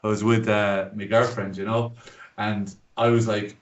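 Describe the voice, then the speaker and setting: Co-host, anecdotal and laughing, dull lo-fi sound from off mic in an echoey room. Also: male voice, lowish voice, little pitch movement, normal speed. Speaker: podcast co-host. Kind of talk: casual storytelling chat. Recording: roomy, distant, dull mic.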